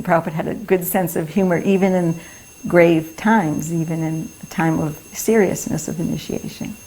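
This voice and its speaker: A woman's voice: fairly low pitch, normal speed. Amused older woman telling an anecdote. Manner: lively, amused, laughs while telling. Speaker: devotee sharing memories. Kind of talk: anecdotal storytelling.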